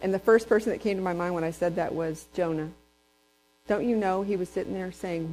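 A woman preaching a sermon, animated and conversational, breaking into high excited voices when she quotes people. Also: brisk, faint music behind, rough recording.

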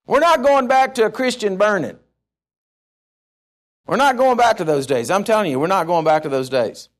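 A man from Texas, preaching a sermon as pastor, swinging from loud passages to hushed ones. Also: sits high, lively intonation, moderate pace.

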